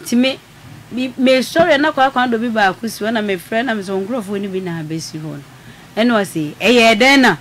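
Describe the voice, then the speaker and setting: A woman calling a radio show, telling a personal story in an earnest, soft-spoken way. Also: fairly high pitch, moderate pace, slight background noise. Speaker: caller.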